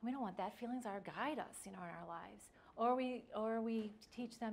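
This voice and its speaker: Higher-voiced woman giving parenting advice. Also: normal speed, gravelly, a little hiss or hum. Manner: conversational, many fillers and restarts. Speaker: parenting educator. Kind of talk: instructional talk.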